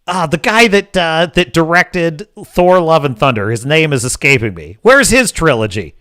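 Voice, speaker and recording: A man's voice: a little high, very animated, moderate pace, sharp tone. A male host giving sarcastic, mocking livestream commentary.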